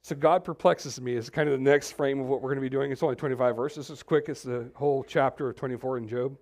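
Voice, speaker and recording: A man's voice: mid-range voice, steady tone, fast, a little mellow. A man from Texas, preaching a sermon as pastor and wandering into joking asides.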